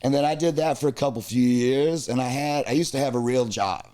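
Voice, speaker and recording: A man in his forties from the American South, a guest musician telling stories in a casual interview and jumping his pitch when he acts out quotes. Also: fairly quick. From Southern United States. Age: 40s. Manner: animated storyteller who voices quotes with big pitch jumps.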